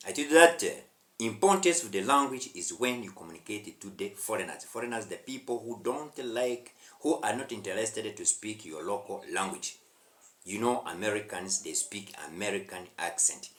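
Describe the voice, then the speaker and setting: A Rwandan-accented man teaches English straight to his viewers, his pitch rising and falling in lively arcs as he repeats his points over and over. His voice rings out in an echoey room. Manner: preachy, repetitive, with emphatic swells. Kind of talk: direct-to-camera English lesson.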